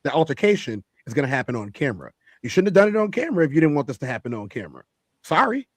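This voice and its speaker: A man's voice: mid-range voice, sing-song, racing, a little mellow, no room sound. A man hosting a reaction commentary, emphatic and repeating phrases for effect. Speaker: host.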